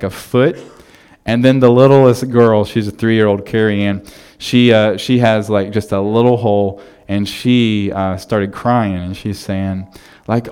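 A man in his thirties preaching a sermon as pastor, telling stories in a relaxed, conversational way with frequent restarts. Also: on the low side, clear, resonant tone.

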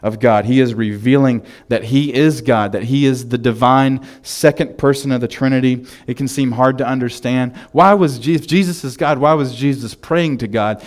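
A pastor preaching a sermon in a church, telling a story with lots of fillers before turning to prayer. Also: male voice, medium pitch. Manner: casual storytelling with fillers, animated retelling.

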